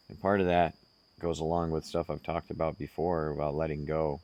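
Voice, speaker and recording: A man speaking slowly and earnestly, giving direct self-help advice to the listener. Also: very deep voice, little pitch movement, a little mellow. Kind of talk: casual advice monologue.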